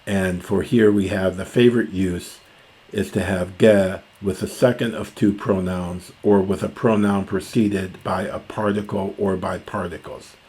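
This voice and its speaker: A man reading ancient Greek lines aloud and explaining them word by word, with many pauses, fillers and self-corrections. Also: sits low, steady tone, darkish tone. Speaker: classics lecturer.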